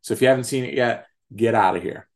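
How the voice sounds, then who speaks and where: A man hosts a relaxed podcast about a TV series, speaking at an ordinary middle pitch. He plays the host in a jokey, mock-grandiose way and swears freely. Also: fast talker. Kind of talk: casual podcast chat.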